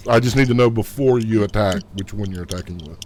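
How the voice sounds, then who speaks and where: A man's voice: lowish voice, fast talker, darkish tone, slight background noise. A man narrating as game master of a tabletop game, mixing vivid combat description with casual rules talk.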